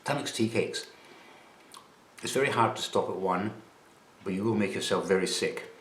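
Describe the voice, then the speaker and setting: A man's voice: lowish voice, normal speed, a bit bright, echoey room. A Scottish man chatting casually on camera about snacks while tasting them, with a dry, chatty manner. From Scotland. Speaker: vlogger presenting snacks.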